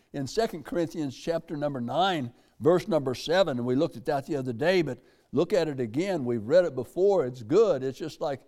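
An older man with a drawl preaches a sermon in a homespun, repetitive style, lifting into scripture readings. His voice sits a bit high for a man yet sounds warm and mellow. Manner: folksy, repeats phrases, reads scripture aloud. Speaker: pastor.

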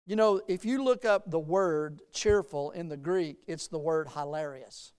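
A middle-aged male pastor preaching a sermon, telling folksy personal stories and rising to emphatic, lively preaching. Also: fairly high pitch, unhurried, smooth.

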